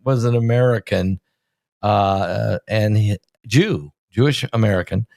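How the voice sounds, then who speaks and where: A man's voice: lowish voice, unhurried, gravelly, darkish tone, dry recording, clean studio sound. A man hosting an interview in a conversational, chatty way, asking his guest questions. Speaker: host. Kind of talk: casual interview talk.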